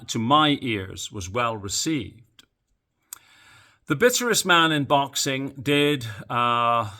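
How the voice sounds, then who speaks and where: A man's voice: mid-range voice, bright, forceful tone. A man giving opinionated, sarcastic boxing commentary in a casual solo monologue, with frequent ums and restarts. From Canada.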